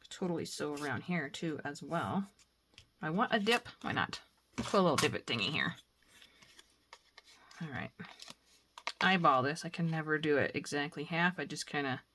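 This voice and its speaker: A woman talking casually as she works through a crafting tutorial, chatting to herself and bursting into excitement now and then. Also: low-pitched, a little hiss or hum. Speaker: crafting vlogger.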